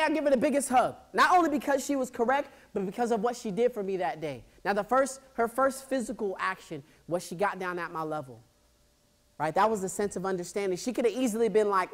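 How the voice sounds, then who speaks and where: A lively male speaker addresses a high school assembly, telling a story from his childhood with great energy. He punctuates it with sound effects and call-and-response questions, swinging from hushed moments to loud bursts. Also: slight background noise. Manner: animated storyteller who acts out scenes, makes sound effects and quizzes the crowd. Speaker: motivational speaker. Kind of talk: motivational school assembly speech.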